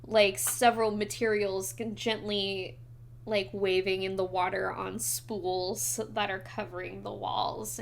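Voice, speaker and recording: A woman's voice: medium pitch, gravelly, a bit bright, slight background noise. A woman narrating as game master of a tabletop game, meandering with fillers and self-corrections.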